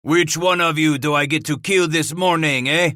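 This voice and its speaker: A man voicing a hotheaded young fort laborer who shouts taunts. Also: mid-range voice, normal speed, no echo, clean studio sound, voice pushed up, natural voice. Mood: taunting.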